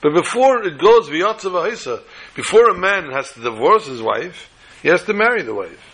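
Husky animated rabbi teaching. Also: male voice, high voice, normal speed. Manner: animated storyteller, acts out quoted voices, mixes Hebrew terms. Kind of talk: Torah class with storytelling.

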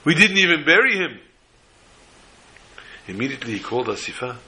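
A man's voice: medium pitch, brisk, poor audio. A man telling a religious story as a sermon, acting out the characters' voices with feeling. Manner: animated storyteller voicing characters.

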